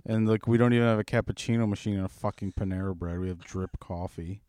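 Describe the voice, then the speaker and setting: Low-voiced young man, profane storyteller. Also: fairly even intonation, fast talker, mellow, smooth, dry recording, clean studio sound. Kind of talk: casual chat.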